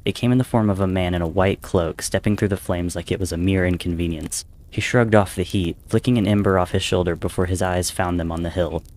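A man narrating a dramatic story in a steady, measured reading. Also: low voice, slight background noise.

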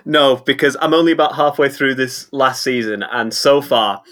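A man co-hosting a podcast, rambling and excitable, breaking off and restarting his sentences. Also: mid-range voice, normal speed. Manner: rambling, self-interrupting, excitable. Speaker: podcast co-host. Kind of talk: casual chat.

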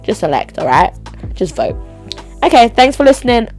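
A woman's voice: moderate pace, over music. Gossipy woman hosting a podcast. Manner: chatty, gossipy and opinionated, with lively pitch jumps. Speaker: podcast host. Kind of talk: casual solo podcast chat.

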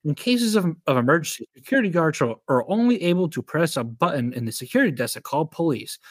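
A man hosts a podcast in a loose, jokey chat, laughing often and swearing as he reads out his notes. His pitch moves a lot and the sound is dry and close. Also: lively intonation, fast, no echo. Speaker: podcast host. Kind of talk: casual chat, reading out notes.

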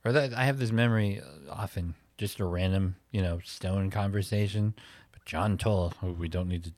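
Man, podcast co-host, rambling storyteller, mid pitch, dry close sound. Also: normal speed, darkish tone, no room sound. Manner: rambling, self-interrupting storyteller. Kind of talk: casual chat.

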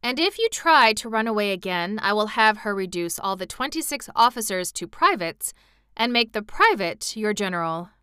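A woman's voice: mid-range voice, big pitch swings, moderate pace, sharp tone, smooth, no room sound, clean studio sound. A woman voicing a stern tin commander who scolds his troops firmly. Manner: firm, commanding.

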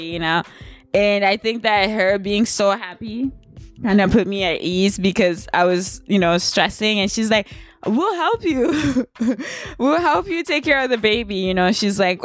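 A woman's voice: medium pitch, clear, resonant tone, dry recording. A young woman telling a personal story in a candid, blunt, emotional way, laughing often. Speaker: vlogger. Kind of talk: casual storytime.

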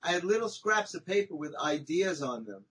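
A man, a podcast guest, telling a long personal story in a chatty, animated way, often tagging his sentences with "right?" and "you know?". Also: on the high side, normal speed, breathy edge, low-quality recording. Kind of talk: conversational storytelling.

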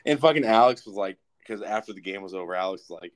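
Young male co-host, lower voice, swears freely, rambles through stories. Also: brisk. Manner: profane, rambling, animated. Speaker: podcast co-host. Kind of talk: casual storytelling.

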